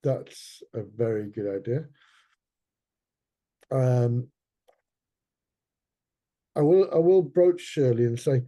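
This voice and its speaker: A man's voice: mid-range voice, slow, long pauses, warm tone. A man playing a tabletop role-playing game, chatting in a thoughtful, musing way. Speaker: player. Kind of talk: casual game talk.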